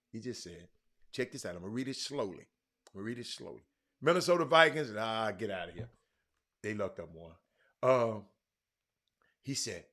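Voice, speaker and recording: Sports talk host, middle-aged man, bright lively voice, loud and excitable, Southern vernacular. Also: medium pitch. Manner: loud, excitable, calls out viewers by name; Southern vernacular, y'all and ain't. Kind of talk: casual livestream chat reading comments.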